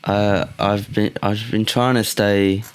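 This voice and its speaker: A man's voice: fairly low pitch, little pitch movement, slow pace, clean tone. A young man co-hosting a podcast, chatting in a laid-back, teasing way with some hesitant "um"s. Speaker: podcast co-host. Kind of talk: casual chat.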